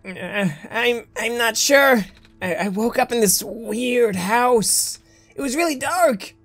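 A woman's voice: on the high side, lively intonation, takes it slowly, faint music behind, voice pushed up, heavily acted. A woman doing a timid, stammering lost boy. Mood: nervous. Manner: stammering, hesitant.

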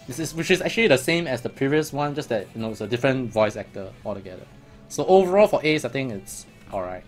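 A man's voice: medium pitch, expressive, fast talker, faint music behind. A man giving casual, chatty commentary as a gaming vlogger, laughing often.

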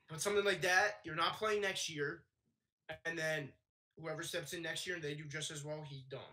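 A man's voice: on the high side, steady tone, normal speed, pauses often, pushed and bright. A man co-hosting a casual sports podcast while a little under the weather, laid-back and agreeable. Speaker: podcast co-host.

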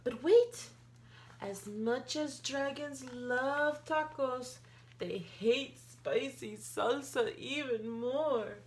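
A woman reading a picture book aloud to a child, playful, with gasps and excited outbursts. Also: high-pitched, extremely slow. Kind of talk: animated read-aloud storytelling.

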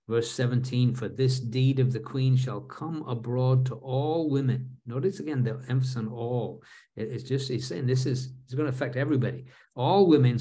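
A man giving a Bible study lesson, reading scripture verses aloud and then explaining them in a relaxed, conversational way with fillers and restarts. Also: mid-range voice. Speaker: Bible teacher.

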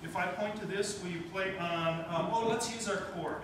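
A man's voice: high voice, normal speed. A man, questioning and encouraging as he teaches a wind band in rehearsal. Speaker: band clinician. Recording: echoey rehearsal room from far off.

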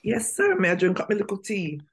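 A woman co-hosts a casual radio-style podcast interview. She speaks emphatically and keeps repeating her points. Her voice sits at a middling pitch. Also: sing-song, a little fast, breathy edge. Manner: emphatic, repetitive praise. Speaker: podcast co-host.

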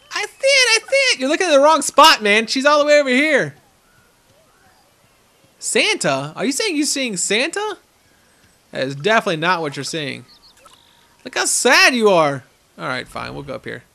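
A bright, keen-edged young man's voice, pitched a little above the usual for a man. He gives chatty game commentary, talks to the animals on screen and now and then bursts out loud. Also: creaky. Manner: excitable, talks to the animals, sudden loud outbursts. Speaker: gaming channel host.

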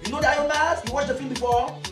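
A woman plays a boastful club boss who speaks in clipped, broken English, fishing for agreement. The voice sits a bit high. It is heard from a distance in a reverberant space, with loud music playing underneath. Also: fairly even intonation, racing, lightly acted. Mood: excited. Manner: broken English, repeats "eh?" and "no problem". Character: boastful wheeling-dealing club owner, foreign-sounding. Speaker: club owner.

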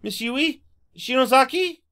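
A man's voice: very high voice, animated, measured pace, sharp tone, pitched above the performer's own voice, heavily acted. A man voicing a frightened teenage schoolgirl, talking to herself in a panicky, breathless way. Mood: confused. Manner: panicky, breathless self-talk.

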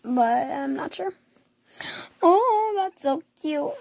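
Young female vlogger, hoarse and gravelly, slow-talking, chatty and cooing. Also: high-pitched, darkish tone, no room sound. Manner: chatty, cooing over cute pictures. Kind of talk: casual screen tour.

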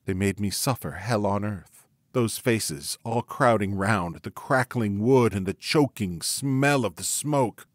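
Sad loving ghost girl, a witch once burned, pleading softly, man doing the voice, dry close sound. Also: on the low side, slow pace, no room sound. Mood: mournful. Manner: tender, pleading, mournful. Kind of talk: audiobook reading.

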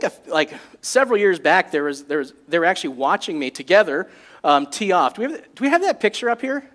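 Male pastor, sermon, jokey, animated, high voice.

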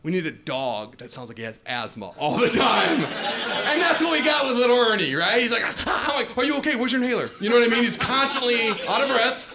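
A man in his forties doing a stand-up comedy set on a club stage, acting out dialogue in animated storytelling, with an audience laughing behind him. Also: very high-pitched, brisk, few pauses. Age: 40s. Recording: live club audio with crowd laughing.

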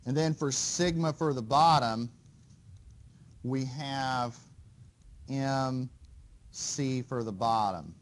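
A man's voice: medium pitch, takes it slowly, pauses often. A man giving a university engineering lecture in a conversational way, quizzing the class and often checking in with "right?" and "okay?". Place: lecture hall.

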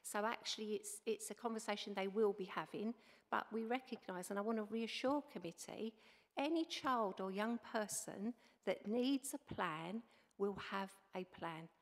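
A woman council officer giving measured, reassuring explanations at a committee meeting. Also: medium pitch, in a large hall. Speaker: council children's services officer.

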